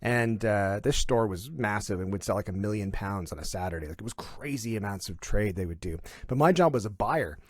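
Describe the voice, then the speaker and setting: A man's voice: on the low side, a little fast, few pauses, no room sound. Canadian guy, middle-aged, chatty storyteller, super dry close sound. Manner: animated storyteller, slips into playful impressions. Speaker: comedian and voiceover artist as guest. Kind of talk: casual chat.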